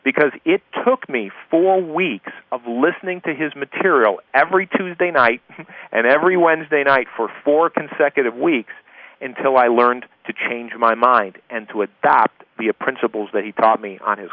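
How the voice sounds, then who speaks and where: A man's voice: medium pitch, moderate pace, no room sound. Male sales coach, chatty and repetitive, thin phone-line sound, dry. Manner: chatty, repeats key points, checks in with "okay?". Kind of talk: conversational recorded course lesson.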